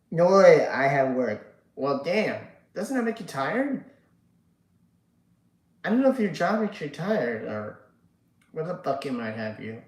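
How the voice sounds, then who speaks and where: A man's voice: medium pitch, echoey room, rough recording. Drowsy rambling man on a live stream. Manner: rambling, swears casually, many fillers. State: sleepy, yawning. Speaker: livestream host reading chat. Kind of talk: casual live-stream chat.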